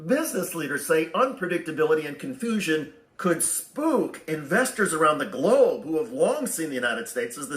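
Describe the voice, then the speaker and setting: A man's voice: on the high side, fairly bright tone, reverberant. A man reading scripted news narration in a pointed, editorializing way.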